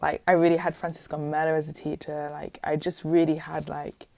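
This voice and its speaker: A British woman telling stories as a guest in a casual interview, lively and chatty, with lots of "like". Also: low-pitched, fairly quick, creaky, dry recording. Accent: British English. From England. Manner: lively, chatty, heavy use of "like". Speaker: guest musician.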